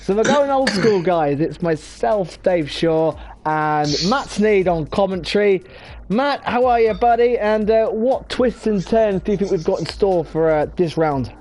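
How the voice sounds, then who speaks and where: A man leading an online sim racing commentary, energetic and building up the excitement, with quick self-corrections. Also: sits high, a little hiss or hum. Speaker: lead commentator.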